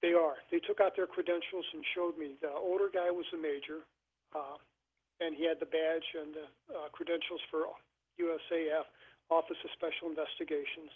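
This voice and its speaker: A male caller telling a personal story on a call-in show in a halting, earnest way, often restarting his sentences. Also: a little high, breathy edge. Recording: tinny phone line.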